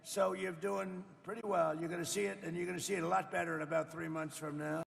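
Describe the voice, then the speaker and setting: Speaking quickly in a high, creaky, fairly bright voice with little pitch movement, an older president holds forth at an indoor farmers' roundtable. His talk is rambling and off the cuff, full of boasting and chatty turns toward the audience, and a long reverb tail lingers.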